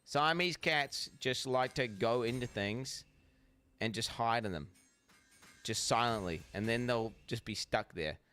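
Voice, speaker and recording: A man's voice: mid-range voice, unhurried, clean tone, faint music behind. A young man streaming, chatting casually and rambling with lots of swearing as he reacts to videos. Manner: profane, rambling, animated. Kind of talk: casual chat.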